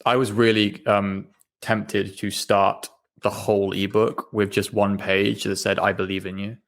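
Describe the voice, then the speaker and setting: A man's voice: lowish voice, level tone, a little slow, creaky, a bit bright. A man co-hosting a casual podcast chat, playful and teasing, laughing easily as he talks. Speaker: co-host and ebook writer.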